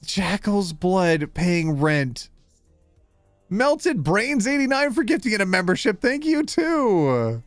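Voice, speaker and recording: A man's voice: high voice, sing-song, slow, dry recording, soft background music. A man from Canada, a streamer in casual live-stream chat, bubbly and playful with a lot of laughter.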